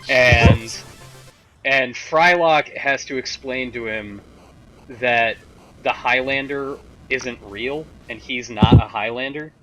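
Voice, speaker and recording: A man's voice: medium pitch, slow, over music, low-quality recording. A man hosting a casual gaming stream, chatting and laughing. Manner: chatty, laughing, quoting lines in voices. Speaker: stream host.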